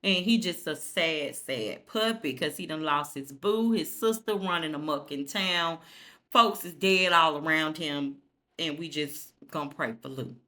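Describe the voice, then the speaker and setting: A woman's voice: deep voice, a little slow, pushed and bright. A woman giving a casual episode recap to her viewers in a slangy, profane way that speaks straight to them.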